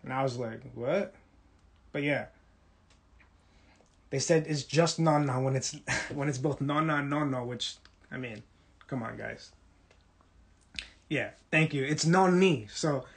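A man's voice: a little high, a little slow, long pauses, breathy edge. A young man from Brooklyn, casually hosting a livestream, reading the chat and teasing viewers playfully. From Brooklyn, New York.

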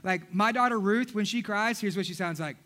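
A man's voice: high-pitched, a little fast, very noisy. A man, a pastor preaching a sermon in church, telling funny stories and talking straight to the congregation. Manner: humorous storytelling, talking directly to the congregation.

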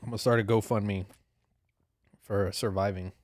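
A man's voice: fairly low pitch, steady tone, moderate pace, darkish tone, dry recording. A young man talks straight into a close podcast mic, and the sound is dry with almost no room. His solo rant is casual and full of swearing. He rambles from point to point and laughs at himself along the way. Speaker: podcast host.

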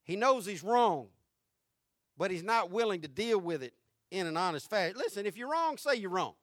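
A male pastor preaching a sermon with fervor, going from hushed tones to shouting and repeating his points. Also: high-pitched, animated, normal speed, no echo, clean studio sound. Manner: fervent preaching, swinging from hushed to shouting, with repetition.

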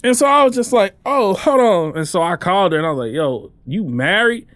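A man's voice: high voice, animated, brisk, fairly bright tone, no room sound. A man telling a story in casual podcast chat, laughing often and acting out the people he quotes.

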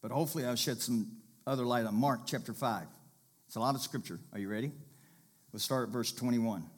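A male preacher at a mid-range pitch, reading scripture and preaching with dramatic swings in loudness and emphasis. He keeps turning to the congregation with direct calls for their attention. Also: fairly quick. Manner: dramatic, animated reading with sudden loud and soft turns.

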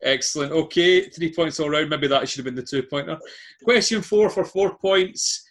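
A man's voice: on the high side, normal speed. A Scottish man hosting a casual quiz, chatty and self-deprecating, laughing often as he reads out questions. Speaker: quiz host.

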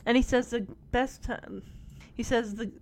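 Gushing woman recapping a show, slightly high voice. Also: measured pace. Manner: gushing, excitable, retells scenes quoting characters. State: tearing up. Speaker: fan recapping a TV episode. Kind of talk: casual recap chat.

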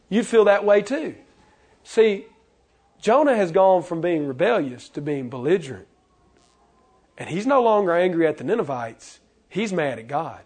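A married man preaching a sermon, animated and acting out the voices he quotes. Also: high-pitched. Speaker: pastor.

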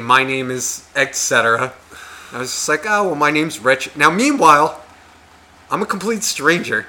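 A man's voice: medium pitch, a little hiss or hum. A man co-hosting a podcast, telling a casual story full of swearing and acting out the voices of people in it. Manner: profane, animated, acts out quoted voices. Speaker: podcast co-host.

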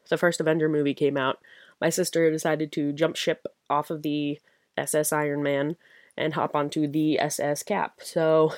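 A woman's voice: low voice, no room sound, studio quality. A young woman hosting her own podcast, chatting casually and rambling with giggles and enthusiasm, tired late at night. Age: young adult. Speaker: podcast host. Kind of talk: casual solo fan chat.

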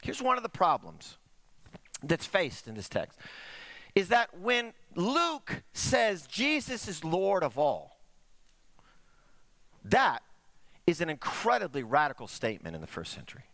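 Man, pastor preaching, high voice, sharp bright tone, dry close sound. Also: dry recording. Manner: animated preaching, drops to quiet asides, slows for emphasis; asks the congregation "Amen?". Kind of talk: sermon.

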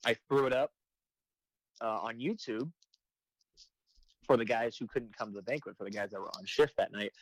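In a casual interview, a male firefighter who makes comedy videos tells a rambling story, full of fillers and restarts. His voice is medium in pitch, and the low-quality recording has no room sound.

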